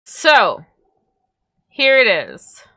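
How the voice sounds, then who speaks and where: A woman's voice: on the high side, wildly swooping pitch, very slow, pushed and bright. A young woman streamer chatting casually, rambling and tripping over her words. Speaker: VTuber streamer. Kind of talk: casual livestream chat.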